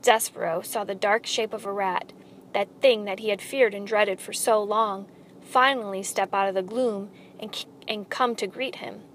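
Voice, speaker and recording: A woman reading a children's storybook aloud, expressive and speaking straight to the listener. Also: mid-range voice, moderate pace, slight background noise. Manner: expressive, addresses the listener directly.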